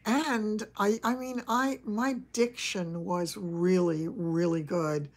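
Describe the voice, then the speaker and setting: An older woman with a New York accent chatting casually on a livestream, laughing easily and often clearing her throat as she answers viewers. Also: on the low side, fairly even intonation, takes it slowly. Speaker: vlogger host, former actress. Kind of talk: casual livestream chat reading viewer comments.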